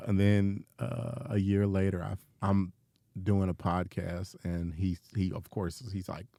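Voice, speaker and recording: A man's voice: low voice, steady tone, moderate pace, creaky, warm tone, no echo, studio quality. A middle-aged comedian telling profane stories in casual podcast chat, acting out the people he quotes. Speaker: comedian guest.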